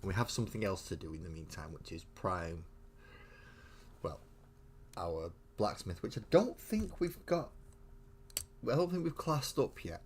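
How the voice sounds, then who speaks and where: A man with a deep, low voice hosts a casual live stream from his home hobby room. He rambles and thinks aloud, often breaking off and restarting mid-sentence. A faint hum sits behind him. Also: big pitch swings, a little slow, long pauses. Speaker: host of a live miniature-painting stream.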